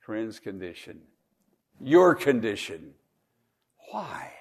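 Male pastor, slow deliberate sermon, swings from hushed to pleading. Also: on the low side, big pitch swings. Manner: swings from hushed to loud pleading, repeats words.

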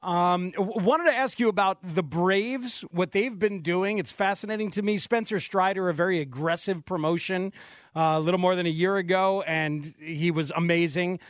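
A male host asking a guest about baseball in a chatty, quick way, sometimes tripping over words. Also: high-pitched, steady tone, no echo, studio quality. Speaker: radio or podcast host. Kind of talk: interview questions.

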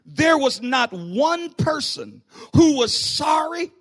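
A man preaching a sermon to his church, rising into shouts and falling to a hush. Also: extremely high pitch, big pitch swings, slow pace. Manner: preaching with sudden shouts and hushed drops. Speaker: pastor.

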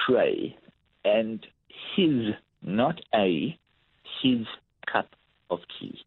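A man's voice: fairly low pitch, creaky, husky, dry recording. A man, a lifestyle coach, telling workplace anecdotes in a podcast interview, acting out what people said. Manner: animated anecdotal storytelling with acted-out quotes. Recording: tinny phone-like line.

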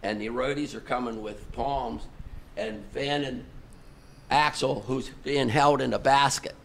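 A man's voice: mid-range voice, steady tone, a little slow, creaky. An older man, a concert promoter telling a long rambling backstage story full of fillers and restarts. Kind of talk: casual storytelling.

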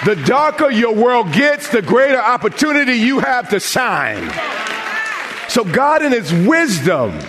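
A man preaching a sermon as pastor, with dramatic pauses, rising emphasis and questions thrown out to the congregation. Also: very high voice, sing-song, a crowd in the background, noisy background. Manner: call-and-response questions to the congregation.

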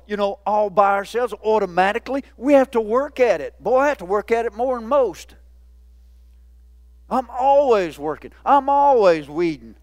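A man's voice: sits high, a little mellow, no room sound, clean studio sound. A man in his fifties preaching a folksy, playful sermon in a church, often laughing. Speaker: pastor.

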